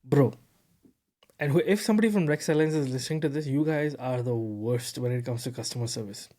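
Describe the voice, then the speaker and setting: A man hosting a tech podcast, telling a story in a lively, casual way with lots of fillers and repeated words. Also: mid-range voice, fairly quick. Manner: animated, repeats words, heavy fillers like "bro" and "you know". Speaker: podcast host.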